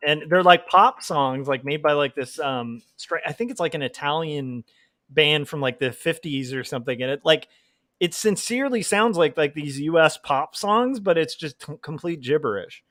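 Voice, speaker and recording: A man chatting casually on a livestream, relaxed and full of little fillers. His voice sits a touch high for a man and sounds close and dry, with no room around it. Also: moderate pace, no room sound. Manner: laid-back, many fillers, laughs often. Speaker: comic artist livestream host. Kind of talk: casual chat.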